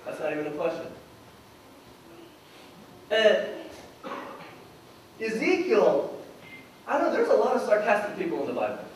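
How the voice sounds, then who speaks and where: Male pastor, sermon, high-pitched voice, animated storytelling, distant mic, heavy church echo. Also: unhurried, pauses often, slight background noise. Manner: animated storyteller, acts out biblical dialogue. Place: church sanctuary. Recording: very echoey church hall from far off.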